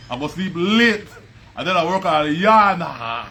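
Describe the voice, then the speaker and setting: A man's voice: fairly high pitch, expressive, takes it slowly. A man with a Belizean Creole accent hosting a casual livestream, chatting, laughing often and greeting viewers by name. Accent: Belizean Creole English. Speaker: livestream host. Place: at home. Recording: music playing behind.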